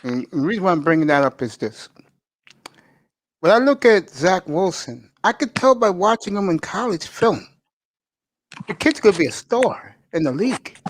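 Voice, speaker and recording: A man talking sports on a casual podcast, sure of his opinions. His pitch rises and falls a lot as he makes his points. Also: sing-song, moderate pace. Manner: confident, opinionated. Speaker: podcast host.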